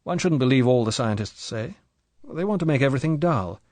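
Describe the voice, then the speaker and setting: A man's voice: mid-range voice, expressive, a little fast, a little mellow, no room sound, voice pushed up, lightly acted. A man playing a cool, hard secret agent who speaks tersely and firmly.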